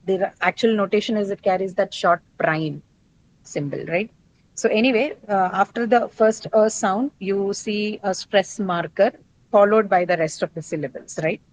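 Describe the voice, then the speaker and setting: A woman teacher with an Indian English accent explains pronunciation at a mid-range pitch. She talks patiently and keeps checking in with her students as she goes. A faint low rumble runs under the recording. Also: poor audio. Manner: questioning, explanatory, frequent "right?" checks. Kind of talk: online English pronunciation class.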